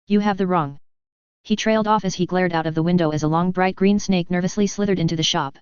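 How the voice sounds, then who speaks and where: A woman reading a story aloud in a steady, plain manner, with a low, very clear, smooth voice. The recording is dry and close, with a slightly dull, muffled top end. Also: fast talker, no echo. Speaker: narrator. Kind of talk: audiobook narration.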